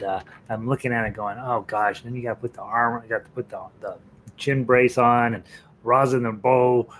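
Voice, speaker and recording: A man's voice: lowish voice, a little hiss or hum. A middle-aged man teaching a casual live-stream ukulele class, chatty and joking with students, counting in the tunes. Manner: counts in and calls out notes while playing.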